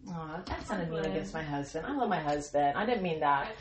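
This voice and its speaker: A woman's voice: low voice, lively intonation, brisk, echoey room, crowd noise. A woman hosting a devotional podcast for Christian women, talking in an earnest, encouraging way, with playful asides where she acts out quoted voices.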